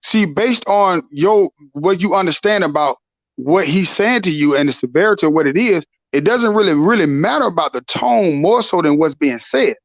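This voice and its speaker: Calm man explaining, dull dry sound. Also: high-pitched, moderate pace, dry recording. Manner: calm, explanatory, affirming with "right" and "real". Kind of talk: casual podcast conversation.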